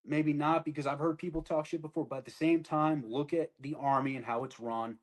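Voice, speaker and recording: A man's voice: a little high, fairly even intonation, fairly quick. A man in his twenties, an army sergeant, telling his story casually and bluntly, with plenty of swearing and acted-out lines from others. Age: 20s. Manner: blunt and profane, acts out other people's lines.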